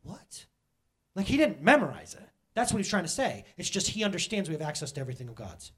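Middle-aged male pastor, raised pitch, lively storytelling sermon, slightly husky. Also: fast talker. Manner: animated, self-mocking, laughs often. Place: church.

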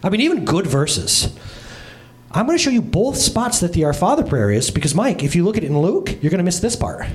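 A man's voice: high voice, very animated, brisk. A man preaching a casual, joking sermon as a pastor, chatting with his congregation by name and with viewers online. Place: church service with congregation and livestream.

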